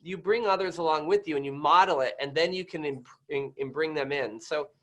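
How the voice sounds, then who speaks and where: A man guest who is a doctor, chatting casually in a rambling, halting way with many restarts. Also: fairly high pitch, fairly bright tone. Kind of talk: casual interview chat.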